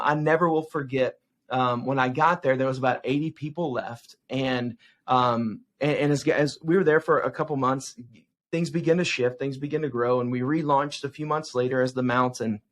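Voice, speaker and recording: Animated man, youth evangelist guest. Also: mid-range voice, moderate pace. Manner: animated storyteller, frequent "right?" tags. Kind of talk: conversational interview answer.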